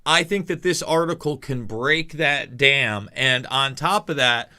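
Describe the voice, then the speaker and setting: A man's voice: medium pitch, a little slow, pushed and bright. A man hosting an interview, emphatically summing up points for the audience. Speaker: interview host. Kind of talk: interview conversation.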